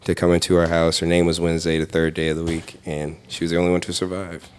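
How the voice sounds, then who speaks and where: A man's voice: deep voice, completely flat delivery, quick pace, a little mellow, clean tone. A man guesting on a podcast as a comedian, chatting casually and joking with loose, profane talk. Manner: laid-back, joking, swears casually. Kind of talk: casual chat. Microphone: podcast microphone.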